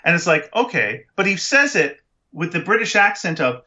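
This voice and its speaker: Man, podcast co-host, lively swooping voice, bright tone, mocking casual chat. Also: fairly high pitch, moderate pace, lo-fi sound. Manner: animated, mocking, acts out lines in silly voices. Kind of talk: casual movie review chat.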